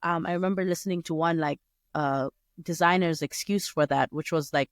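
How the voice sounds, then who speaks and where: A young woman hosting a solo podcast, talking in a chatty, digressive way with sudden jumps up in pitch. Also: quick pace, no echo, clean studio sound. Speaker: podcast host. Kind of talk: casual solo podcast monologue.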